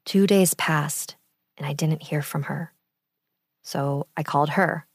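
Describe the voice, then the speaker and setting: A young woman from the East Bay in California, calmly and reflectively recounting a personal story in first-person narration. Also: sits low, slow, husky, dry recording. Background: background music.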